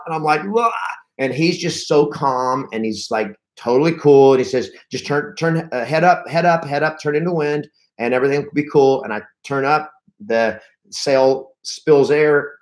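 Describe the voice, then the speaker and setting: A man giving a lively live-streamed coaching talk to real estate agents, telling stories and acting out panicked reactions. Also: mid-range voice. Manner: energetic, storytelling, acts out panicked reactions; restarts and repeats words often.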